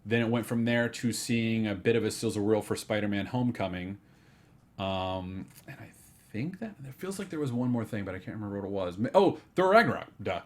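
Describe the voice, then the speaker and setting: A man's voice: lowish voice, lively intonation. A man on a movie news panel, chatting casually, working through guesses with lots of fillers and restarts. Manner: chatty, talks fast through speculation with many fillers and restarts. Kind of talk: casual chat.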